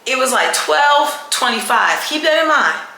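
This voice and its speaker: A woman vlogger recounts her day in a lively, chatty way with a bright voice. The room is echoey and there is a faint hum behind her. She sits somewhat high in pitch. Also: unhurried, creaky. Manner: animated, chatty, with dramatic retelling. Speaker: travel vlogger. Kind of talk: casual storytelling to camera. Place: indoors at night during her night routine.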